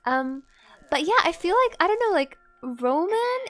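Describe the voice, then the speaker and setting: A woman's voice: very high-pitched, sing-song, normal speed, faint music behind. A woman commenting on her life-sim gameplay in a chatty, rambling way, full of fillers and small laughs. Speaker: gaming host. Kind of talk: let's play commentary.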